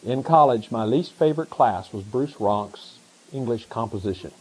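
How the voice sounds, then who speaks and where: A middle-aged man, a pastor, preaching a conversational sermon that swings between hushed asides and excited emphasis. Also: medium pitch, normal speed, slightly rough, rough recording.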